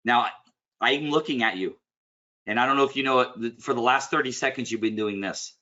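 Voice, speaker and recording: Blunt, bright-voiced male coach. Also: medium pitch, brisk, dull audio. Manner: blunt, animated, clears his throat often. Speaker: business coach. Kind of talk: casual one-on-one coaching session.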